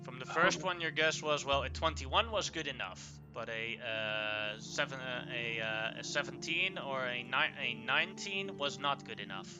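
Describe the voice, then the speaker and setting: A man running a tabletop game as game master, explaining rules quickly. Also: mid-range voice, music in the background.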